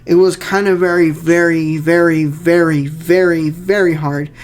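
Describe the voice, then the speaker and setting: A man's voice: fairly high pitch, flat delivery, unhurried. A young man giving casual director's commentary on his fan film, rambling with many fillers and repeated words.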